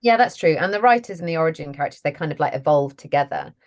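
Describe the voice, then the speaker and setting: A woman's voice: low-pitched, animated, fast talker. A woman, a voice actress chatting casually as an interview guest, laughing often and self-deprecating.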